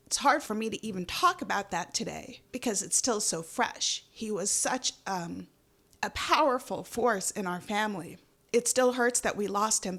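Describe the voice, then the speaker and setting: A woman's voice: medium pitch, fairly bright tone. A middle-aged woman from Jamaica co-hosting a podcast, telling family stories in an earnest, reflective way. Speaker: podcast co-host. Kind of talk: casual podcast chat.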